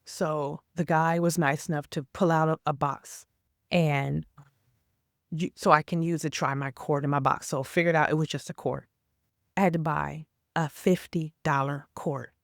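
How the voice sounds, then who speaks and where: A woman in her sixties telling a personal story to camera in a casual, chatty way, with exasperated asides that jump up in pitch for emphasis. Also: fairly even intonation, normal speed, gravelly, dry recording, clean studio sound. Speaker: faith vlogger.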